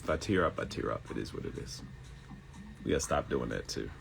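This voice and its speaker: Male talk host, middle-aged, deep and gravelly, emotional rambling monologue. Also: animated, fairly quick, over music. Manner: earnest, emotional, rambling with restarts. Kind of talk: casual solo talk show monologue.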